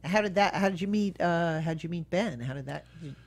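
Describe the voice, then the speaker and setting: Gravelly-voiced woman interviewer. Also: lowish voice, a little fast, a little mellow. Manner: conversational, asks questions with fillers and restarts. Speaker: interviewer and show host. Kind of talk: casual interview chat.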